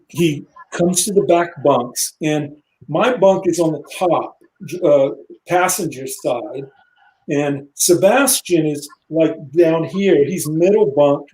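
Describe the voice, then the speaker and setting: A man telling a tour story in a casual interview, animated and acting out the voices of people in it. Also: fairly high pitch, low-quality recording. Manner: animated, acts out voices in quotes. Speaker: guest musician.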